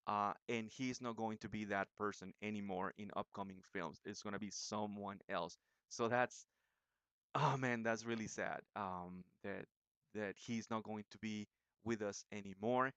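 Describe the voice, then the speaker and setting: A young man who reviews movie trailers in a casual vlog, talking in an excited, chatty way with many fillers and restarts. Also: fairly low pitch, a little slow, clean tone, dry recording, muffled recording.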